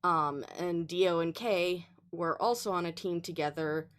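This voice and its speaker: Woman host, low-ish voice, rambling casual game recap. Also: a little slow, clear, resonant tone. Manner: rambling recap with filler ums and laughs. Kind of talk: casual let's play chat.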